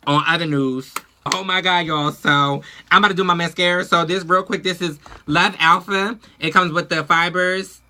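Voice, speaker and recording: Blunt, sharp-voiced woman ranting. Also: lowish voice, steady tone, moderate pace, hardly any pauses. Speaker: beauty vlogger. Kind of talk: casual get-ready-with-me chat.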